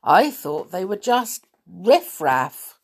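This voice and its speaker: A woman's voice: medium pitch, sing-song, slow, slightly rough, heavily acted. A woman voicing a stiff, snooty male castle guard who speaks curtly. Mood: surprised. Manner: curt and dismissive.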